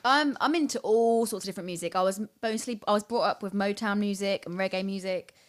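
A woman's voice: mid-range voice, quick pace. A young English woman hosting a podcast, chatting casually, giggly and self-deprecating. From England. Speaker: podcast host and radio presenter. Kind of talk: casual chat.

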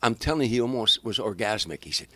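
An older comedian appearing as a guest tells show-business anecdotes in casual conversation, speaking quickly in a mid-range voice with no echo. He's animated, acts out the voices of the people involved, and restarts often.

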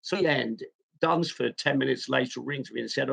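A man, a football club chairman, telling an anecdote in a lively way, chuckling often and restarting his sentences with fillers. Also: mid-range voice, normal speed, creaky. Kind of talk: anecdotal storytelling.

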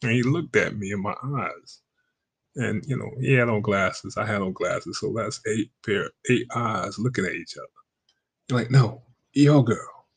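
A man with a lowish, creaky, husky voice that's a bit bright tells a personal story a little slowly, in casual slang. He acts out other people's lines, raising his voice for the quoted dialogue. There's no room sound in the recording.

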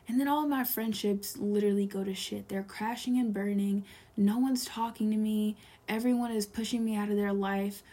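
A husky young woman with a dark, gravelly tone and a flat, even pitch talks straight to camera in a confessional monologue. She is earnest and pleading, repeats her points for emphasis, and sometimes sinks to a whisper. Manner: drops to a whisper at times.

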